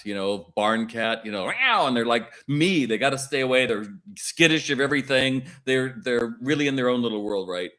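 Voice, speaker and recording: A middle-aged man, a retail consultant, chatting as a podcast guest and acting out shop dialogue in his stories. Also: medium pitch. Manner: animated storyteller acting out dialogue. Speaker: retail consultant and keynote speaker.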